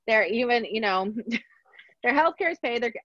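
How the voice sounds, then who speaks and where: A woman with a somewhat high voice tells her own story with lots of animation, slipping into the voices of the people she quotes. The sound is dry and a little dull, with no room around it. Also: measured pace, no echo. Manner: animated, acts out quoted voices, laughs often. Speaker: podcast guest. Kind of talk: personal storytelling in conversation.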